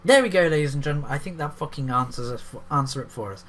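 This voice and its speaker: A man's voice: fairly high pitch, fast talker, fairly bright tone. A man reading an article aloud and breaking off into sarcastic, profane commentary. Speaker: YouTube commentator.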